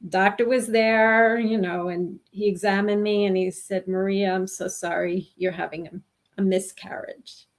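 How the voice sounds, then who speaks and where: A woman in her sixties from New York, telling a personal story in an interview, earnest and halting with frequent restarts. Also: medium pitch, steady tone. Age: 60s. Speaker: guest telling her experience.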